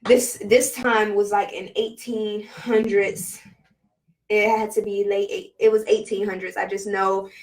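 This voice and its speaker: Emotional halting woman telling a story. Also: medium pitch, little pitch movement, distant mic, rough recording. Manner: halting, emotional retelling with many fillers. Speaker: spirituality vlogger. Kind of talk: casual story time.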